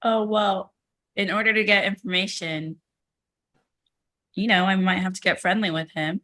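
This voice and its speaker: A woman acting student reading a scene in class with a slow, drawn-out delivery. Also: medium pitch, fairly even intonation, pushed and bright.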